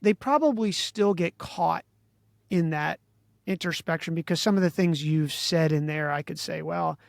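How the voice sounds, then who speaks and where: A man from Maryland hosting an interview, thinking aloud in a halting, musing way with many restarts. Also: fairly high pitch, gravelly, no room sound. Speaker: podcast host. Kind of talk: casual interview chat.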